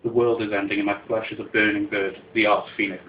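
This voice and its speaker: Low-voiced man performing incantatory poetry. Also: flat delivery, fast, lo-fi sound, a little hiss or hum. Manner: dramatic, incantatory, repeating refrains. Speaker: poet. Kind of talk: live spoken-word poetry performance.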